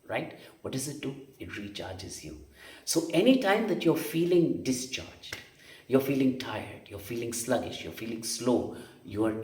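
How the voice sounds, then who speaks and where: A slightly mellow mid-range male voice guides listeners through a spoken meditation lesson about energy healing. His style is emphatic, with repeated phrases and frequent rhetorical questions. The mic picks him up from a distance in a roomy space.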